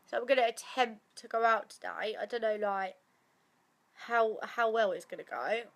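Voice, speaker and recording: A woman's voice: a little high, moderate pace, fairly bright tone. Congested young woman vlogging. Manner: chatty, swears freely, laughs often. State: blocked nose after surgery. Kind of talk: casual vlog to camera.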